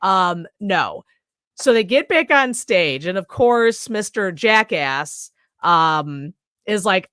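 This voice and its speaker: Recorded in a clean studio with no echo, a woman speaks slowly in a smooth, expressive, medium-pitched voice with a fairly bright tone. She co-hosts a podcast, and her casual horror movie recap wanders as she swears freely and performs scenes in the characters' voices.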